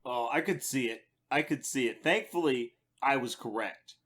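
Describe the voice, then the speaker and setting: A man's voice: mid-range voice, normal speed. A man co-hosting a podcast, chatting casually in a wry, teasing way. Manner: wry, teasing, lively delivery. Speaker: podcast co-host. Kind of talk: casual comedic chat.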